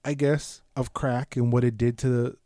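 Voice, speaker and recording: A man's voice: medium pitch, little pitch movement, a little slow, dark tone, no room sound, studio quality. A man from the United States hosting a solo podcast, talking in a loose, rambling, profane way with lots of restarts. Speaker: podcast host. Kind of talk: solo casual podcast chat.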